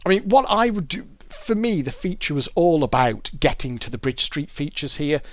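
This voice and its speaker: A man's voice: on the high side, sing-song, moderate pace, no room sound. A British man giving casual, rambling commentary while he plays a fruit machine game and explains its features.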